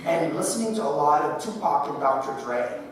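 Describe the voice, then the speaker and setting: A man in his thirties from the Philippines giving a keynote speech, telling stories in an animated way and often asking "right?". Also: on the high side, brisk, a little hiss or hum. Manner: animated storytelling with frequent "right?". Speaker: keynote speaker. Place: large lecture hall. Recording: echoey hall from far off.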